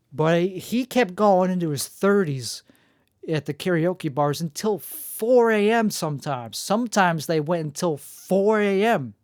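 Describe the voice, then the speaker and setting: Male solo host, gravelly voice, rambling and self-deprecating, dry close sound. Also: fairly high pitch, no room sound. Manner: self-mocking and jokey, full of restarts. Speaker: podcast host.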